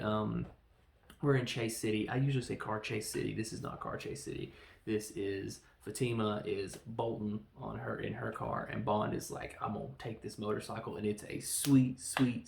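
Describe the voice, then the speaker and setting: A man talks through a film plot on his review podcast in a loose, rambling way, slipping into quick character voices. His voice has a gravelly edge, and the room around him sounds roomy and echoey. His pitch sits in an ordinary middle range. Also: slight background noise. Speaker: podcast host reviewing films. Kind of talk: casual film review monologue.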